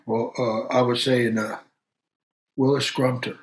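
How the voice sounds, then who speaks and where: An actor playing a middle-aged country doctor who tells a strange story in an unhurried, halting way, full of pauses and fillers. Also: male voice, mid-range voice, level tone, roomy sound, close to an everyday voice. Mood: steady recounting. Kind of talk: audio drama acting.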